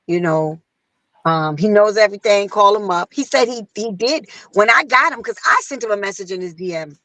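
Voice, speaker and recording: A woman singer telling a story in casual conversation, acting out other people's lines in a higher voice. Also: normal speed, no room sound, poor audio. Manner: animated, acts out quotes in a higher voice. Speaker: guest singer.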